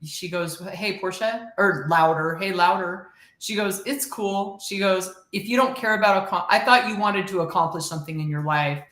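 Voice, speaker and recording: A woman's voice: fairly low pitch, normal speed, few pauses, a bit bright. A woman guest telling a story in casual chat, acting out quoted lines and laughing often. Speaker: podcast guest. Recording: echoey room.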